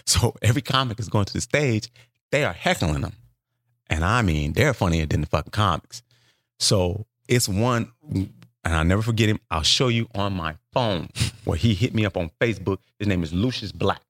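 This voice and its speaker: A man telling a profane story in a loose, animated way, jumping up in pitch to act out the people in it. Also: normal speed, dry recording, clean studio sound. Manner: animated, profane, acts out quotes with big pitch jumps. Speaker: comedian telling a story as a podcast guest. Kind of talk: casual storytelling.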